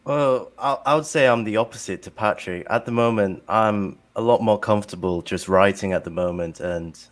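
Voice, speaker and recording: British guy, low voice, bit nervous, lots of uhs. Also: normal speed. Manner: modest, a little nervous, hesitant with fillers. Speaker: guest. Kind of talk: casual chat.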